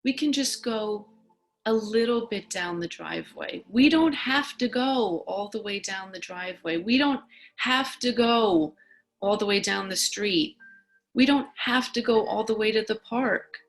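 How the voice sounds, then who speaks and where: A woman voicing a patient mother who gently coaxes her young daughter. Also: mid-range voice, a little slow, lightly acted. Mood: gentle. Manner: gentle and coaxing.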